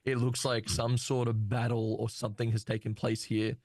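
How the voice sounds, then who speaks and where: A man's voice: mid-range voice, little pitch movement, moderate pace, a little mellow, no room sound, clean studio sound. A man narrating as game master of a tabletop game over a voice call, loose and hesitant with many fillers.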